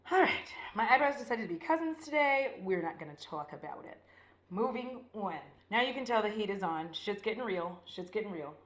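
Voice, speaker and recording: A woman's voice: fairly high pitch, lively intonation, fairly quick. A woman rambling casually and profanely while doing her makeup, retelling a movie. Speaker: beauty vlogger. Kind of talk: casual get-ready-with-me chat. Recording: roomy echo.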